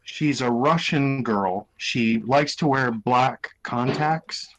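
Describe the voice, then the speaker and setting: A man co-hosting a casual podcast chat, talking in halting bursts full of ums and restarts. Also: medium pitch, a bit bright, a little hiss or hum. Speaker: podcast co-host. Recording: dull lo-fi audio.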